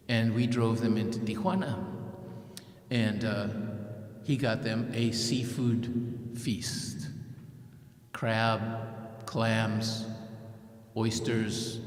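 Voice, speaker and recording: Male storyteller in a reverberant church. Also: on the low side. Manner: vivid storyteller who acts out quotes. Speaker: keynote speaker and author. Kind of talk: storytelling speech. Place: large church hall.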